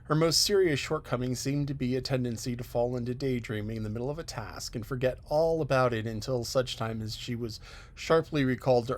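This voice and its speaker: Narrating an audiobook of a classic novel, this man speaks in a mid-range voice with a steady, evenly paced delivery.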